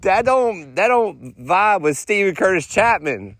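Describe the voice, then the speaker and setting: Animated man telling stories. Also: sits high, measured pace, no echo. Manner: animated, slangy, mimics people he quotes. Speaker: podcast host. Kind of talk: casual storytelling monologue.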